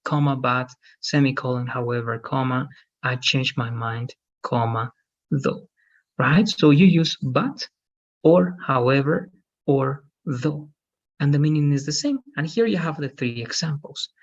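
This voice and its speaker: A man leads an online English lesson, walking his students patiently through each step. His voice is husky, and the video call audio sounds dull and muffled. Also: medium pitch, a little slow. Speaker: English teacher. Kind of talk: online class instruction.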